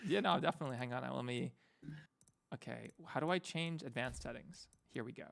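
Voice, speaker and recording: A man's voice: medium pitch, a little fast, creaky. A man streaming a fighting game, chatting casually and reacting with laughter. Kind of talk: casual gameplay chat.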